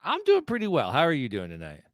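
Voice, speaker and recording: A man's voice: on the high side, wildly swooping pitch, fast, no echo, studio quality. A man co-hosting a sports podcast in a casual chat, with a wry, sarcastic, cheeky manner. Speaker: podcast co-host.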